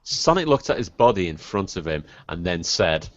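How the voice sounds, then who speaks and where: A man's voice: low voice, normal speed, slight background noise. A man co-hosting a comedy podcast, reading a story aloud and chatting with laughs and swearing. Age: adult. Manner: animated, laughing, swears a lot. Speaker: podcast co-host, story reader. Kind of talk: casual comedy podcast chat and mock reading. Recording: dull lo-fi podcast audio.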